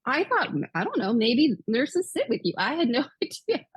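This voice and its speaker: A woman's voice: high-pitched, very animated, moderate pace, slightly rough, no echo, low-quality recording. A woman in her fifties, a guest author, earnestly retelling a personal story with quoted dialogue. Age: 50s.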